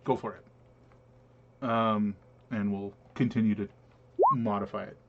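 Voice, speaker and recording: A man running an online tabletop game as game master, pausing often with fillers as he explains the rules. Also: lowish voice, flat delivery, creaky, dull audio. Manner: hesitant, many filler pauses while explaining rules.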